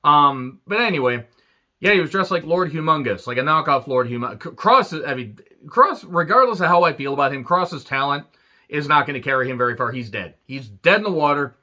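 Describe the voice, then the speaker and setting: Male reviewer, bright forceful voice, crude sarcastic rant, a bit higher pitched. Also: lively intonation, a little fast, dull audio. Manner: sarcastic, crude jokes, frequent swearing. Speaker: wrestling show reviewer. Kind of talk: profane ranting recap.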